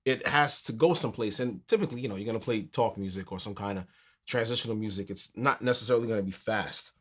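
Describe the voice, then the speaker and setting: A man teaching a keyboard tutorial in a relaxed, conversational way, counting beats aloud as he plays. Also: lowish voice, quick pace. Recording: piano music under the voice.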